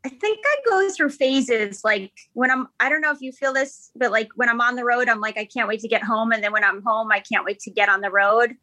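Woman, high bright voice, dry close sound, chatty comedian guest. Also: dry recording. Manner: chatty, fillers and quick asides. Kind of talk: casual interview chat.

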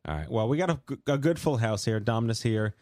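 A man's voice: mid-range voice, expressive, quick pace, darkish tone, dry recording, studio quality. A man with a New York accent hosting a casual talk show, rambling and correcting himself as he goes. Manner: rambling, self-correcting, playful. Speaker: podcast host.

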